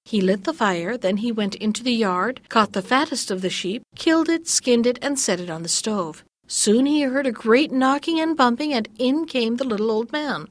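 A woman tells an old fairy tale in a measured, gently expressive way. Her voice sits a little high, and the recording is close and dry with no room sound. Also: no echo. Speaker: storyteller. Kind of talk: scripted narration of a fairy tale.

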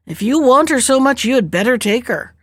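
A jittery young husband in a folk tale, rushing his words in anxious haste, as a woman puts him on. The pitch jumps around a lot. The sound is dry and close. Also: lively intonation, no room sound. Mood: nervous. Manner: hurried, anxious.

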